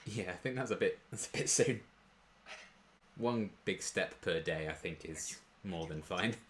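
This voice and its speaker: A man's voice: low voice, expressive, measured pace, fairly bright tone, slight background noise. A young man chatting casually in a reaction video, rambling and gushing with restarts and fillers.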